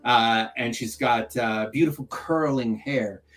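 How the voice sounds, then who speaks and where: A man narrating as game master of a tabletop game, with a hesitant delivery full of pauses. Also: mid-range voice, a bit bright, soft background music.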